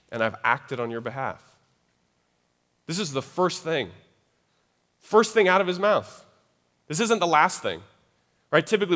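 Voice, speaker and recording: A man's voice: mid-range voice, fairly bright tone. A man preaching a sermon in a loose, conversational way. He acts out quoted voices and keeps checking in with "right?". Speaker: pastor. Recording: long hall reverb.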